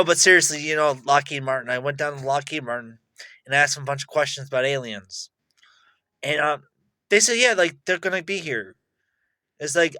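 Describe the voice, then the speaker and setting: A young man rambling boastfully to camera, excitable, swinging between loud bursts and mutters. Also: fairly high pitch. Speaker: vlogger.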